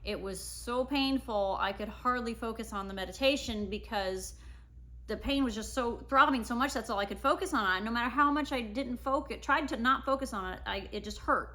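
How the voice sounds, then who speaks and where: A woman's voice: on the high side, a little fast, fairly bright tone. A woman in her thirties casually telling a personal family story, acting out her own past words.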